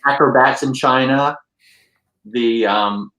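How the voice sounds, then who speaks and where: A man co-hosting a casual podcast chat, who gets excited and enthusiastic as he talks. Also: medium pitch, slow pace. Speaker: podcast co-host. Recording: roomy echo.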